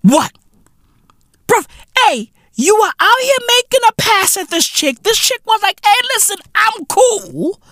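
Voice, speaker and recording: A South African man hosting a podcast, ranting comically with profanity, repeating himself in loud disbelief. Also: very high-pitched, big pitch swings, unhurried, dry recording, studio quality. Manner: loud, incredulous, repeats himself, swears constantly. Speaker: podcast host. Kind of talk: profane comedic rant.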